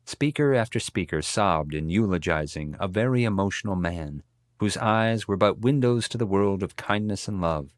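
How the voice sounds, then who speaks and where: Man, audiobook narrator, very low voice, dry close studio sound, measured storytelling. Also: lively intonation, dry recording. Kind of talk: scripted narration.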